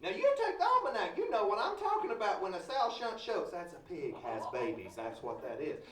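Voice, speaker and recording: Guy spinning a folk tale live, high voice, big echoey hall. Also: wildly swooping pitch, brisk, noisy background. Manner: folksy, joking asides to audience. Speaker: storyteller. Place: conference hall. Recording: roomy hall, distant mic.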